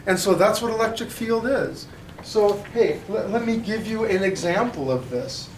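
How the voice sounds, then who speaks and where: A male high school physics teacher giving a lively, joking classroom lecture, recorded by a camera at the back of the room. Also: moderate pace, a little hiss or hum. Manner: animated, jokey, acts out customer voices. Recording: roomy classroom audio from a distance.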